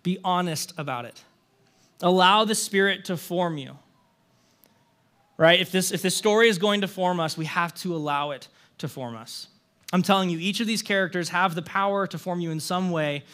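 Bright-voiced high-pitched male pastor. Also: moderate pace. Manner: conversational, earnest, with restarts and "right?" asides. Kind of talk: sermon, reading scripture aloud.

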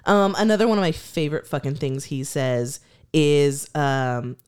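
A young woman co-hosting a podcast in casual chat, animated, swearing and laughing often. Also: sits low, normal speed, clear, resonant tone. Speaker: podcast co-host.

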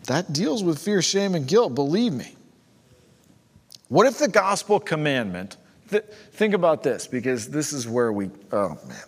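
A male pastor preaching a sermon, stacking rhetorical questions and dropping to a hush on key phrases. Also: on the high side, sing-song, unhurried, husky. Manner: rhetorical, builds with repeated questions. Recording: long church hall reverb.

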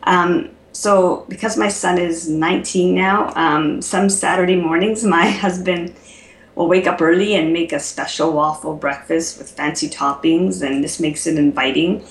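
A woman in her forties, a guest on an interview, speaking in a measured way with frequent ums. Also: on the low side, steady tone. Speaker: guest, product creator. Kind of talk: casual interview chat. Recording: echoey room.

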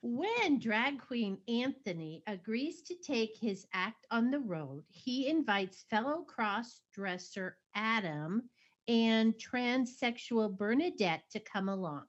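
Co-host, woman, slow chatty delivery, muffled lo-fi sound. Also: fairly high pitch, expressive. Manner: chatty, earnest asides to listeners. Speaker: podcast co-host. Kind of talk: casual chat and reading a synopsis. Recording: dull lo-fi recording.

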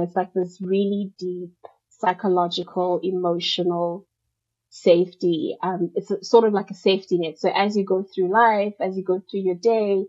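A woman's voice: mid-range voice, a little mellow, husky. A woman guest on a podcast, explaining her ideas at length in a thoughtful, casual way with many fillers. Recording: muffled lo-fi audio.

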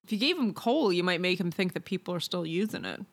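A woman's voice: lowish voice, animated, fast. A woman hosting a comedy podcast, giving short, dry, teasing replies in a casual chat. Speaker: podcast host.

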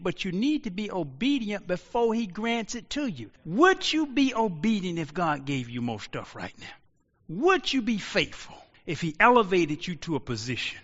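Pastor, male, high bright voice, lively sermon delivery in a reverberant hall, dull lo-fi sound. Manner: preaching with rising shouts and drawn-out pauses. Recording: lo-fi audio with long reverb.

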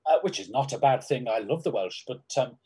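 Male stage actor, softened Liverpool accent, husky tone, thoughtful and halting, interview chat. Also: mid-range voice, lively intonation. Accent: softened Liverpool (Scouse). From Liverpool, England. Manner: thoughtful, halting, frequent restarts. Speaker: stage actor and panto dame. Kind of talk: conversational interview.

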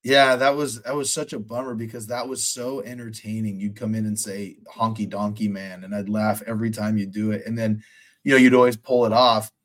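A man's voice: lowish voice, little pitch movement, fairly quick. A man hosting a casual interview, talking as an enthusiastic fan with lots of filler words. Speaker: podcast host.

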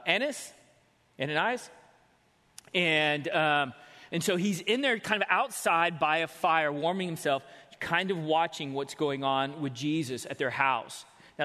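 A male pastor delivers a sermon in a relaxed, conversational way, slipping into lively acted-out voices for the people in his story. His voice sits a little on the high side. The sound carries a long reverb, as if it were recorded in a large hall.

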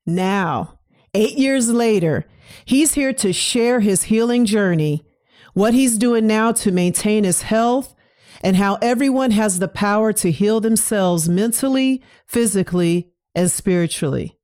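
A woman hosting a podcast, opening with a measured, deliberate introduction. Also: medium pitch, darkish tone. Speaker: podcast host. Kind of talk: scripted podcast intro and interview.

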